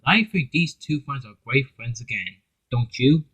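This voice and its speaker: A man narrating an amateur storybook tale in a husky, breathy voice at a middling pitch. He reads haltingly, repeating words as he goes. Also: expressive, fairly bright tone, lo-fi sound.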